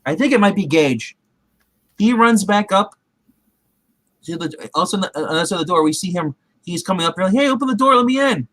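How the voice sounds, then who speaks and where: Casual recap host, male, a bit high-pitched, rambling delivery full of restarts, close dry sound. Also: brisk, pauses often, fairly bright tone, no room sound. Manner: rambling, heavy with fillers and restarts; acts out characters' quotes in his retelling.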